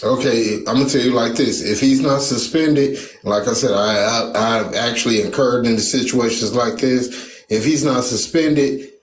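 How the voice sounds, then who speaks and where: A man in a heated casual debate, speaking in a halting way and circling back to restart his points. His voice sits at an ordinary middle pitch, and it rings out in a noticeably echoey room. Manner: hesitant, halting, many restarts and fillers.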